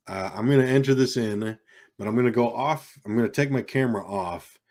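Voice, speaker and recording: With a fairly low, slightly mellow, husky voice, a livestream host rambles casually, full of ums and uhs. He's at his home setup in California, using a desk mic with a keyboard behind it.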